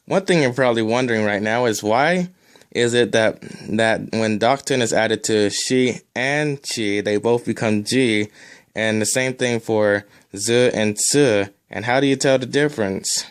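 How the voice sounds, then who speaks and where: A man's voice: lowish voice, unhurried, clear, resonant tone. A man teaching a recorded language lesson, drilling sounds one at a time and adding casual asides.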